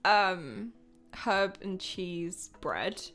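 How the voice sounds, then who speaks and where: A woman's voice: fairly low pitch, animated, extremely slow, fairly bright tone, soft background music. A young woman co-hosting a casual radio chat, giggly and enthusiastic. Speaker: radio co-host.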